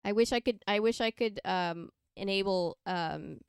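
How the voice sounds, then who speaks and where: A woman's voice: mid-range voice, normal speed, clear, resonant tone, no echo, clean studio sound. A woman co-hosting a casual chat stream, giggling and reading fan fiction aloud with small stumbles. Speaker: podcast co-host. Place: home room, live stream. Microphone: desk microphone.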